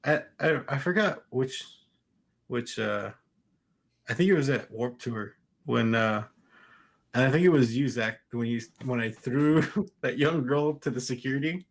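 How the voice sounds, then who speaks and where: A man co-hosting a casual podcast, telling stories in an animated way, acting out what people said and laughing often. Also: medium pitch, unhurried. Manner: animated storyteller, laughs often, acts out quotes. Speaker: podcast co-host. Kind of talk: casual chat.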